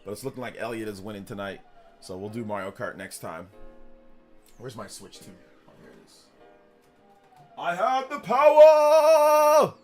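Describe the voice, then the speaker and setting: A man's voice: lowish voice, brisk, soft background music. A young man streaming a video game live, chatting casually, rambling and repeating himself and laughing easily.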